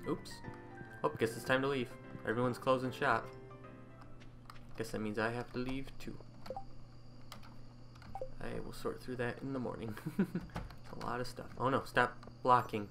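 A man talks through his farming game in a loose, casual way, thinking aloud about each move as he goes. His voice sits in an ordinary middle register. Soft game music plays faintly behind him. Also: mid-range voice, fairly even intonation, moderate pace, pauses often. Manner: chatty, thinks aloud while playing. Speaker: gaming channel host. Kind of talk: casual gameplay commentary.

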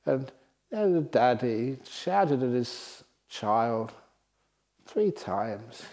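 Speaking very slowly in a mid-range voice, a monk from England tells stories during a dharma talk at a retreat centre. His storytelling is lively, full of voiced quotes, and he frequently laughs between lines.

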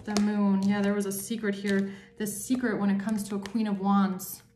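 A woman's voice: medium pitch, flat delivery, moderate pace, mellow, echoey room, faint music behind. Angry swearing woman reading tarot. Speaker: tarot reader.

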